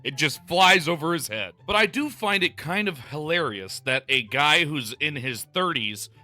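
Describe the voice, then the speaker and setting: A man's voice: on the high side, lively intonation, normal speed, pushed and bright, soft background music. A man from Germany ranting to his audience in a heated, insulting and sarcastic way. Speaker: YouTuber. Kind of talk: angry rant to camera.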